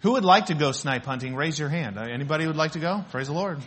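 A middle-aged man preaching from a church stage, his voice pitched slightly high for a man. He moves from solemn prayer into animated storytelling and laughs easily with his congregation. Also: fast, slight background noise. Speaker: pastor. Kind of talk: sermon. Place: church sanctuary.

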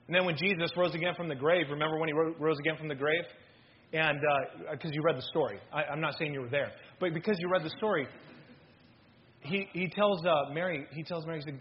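A man preaching an animated sermon as pastor, swinging between loud and hushed delivery. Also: a little high, brisk, dull audio, slight background noise.

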